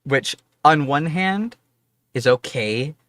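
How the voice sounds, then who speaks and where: A man's voice: fairly high pitch, expressive, takes it slowly, a bit bright. A man streaming a game, chatting casually in a rambling, profane, offhand way. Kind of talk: casual livestream chat.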